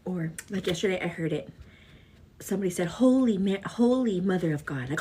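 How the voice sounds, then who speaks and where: A chatty young woman vlogging casually while doing her makeup, laughing often and quoting herself in a higher voice. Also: animated, a little fast, dark tone, breathy edge.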